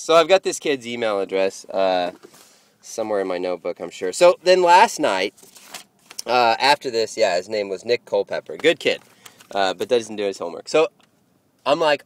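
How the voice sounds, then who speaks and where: A man's voice: medium pitch, fairly quick, no room sound. A young man vlogging about golf, telling a long story in a casual, rambling way and acting out who said what. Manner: rambling, animated, quotes people in dialogue.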